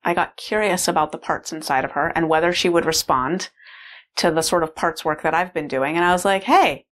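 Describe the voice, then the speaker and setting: A woman's voice: deep voice, brisk, a bit bright. A middle-aged mother telling a personal story in a casual, rambling way, full of "like" fillers. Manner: rambling, heavy use of "like" fillers.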